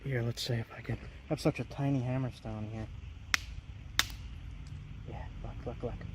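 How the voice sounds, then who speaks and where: An excitable man from Long Island hosts an outdoor vlog beside a woodland creek. He talks straight to his viewers and laughs often. His voice sits at a middle pitch. Outdoor noise comes through clearly on his camera mic. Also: measured pace, pauses often, rough recording. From Long Island, New York. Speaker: host.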